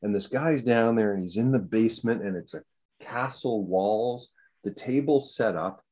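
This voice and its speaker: A man casually telling rambling stories in a chat, swearing often and jumping into high mocking voices when he quotes people. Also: normal speed, breathy edge. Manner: profane, rambling, animated storytelling with jumps into high mocking voices.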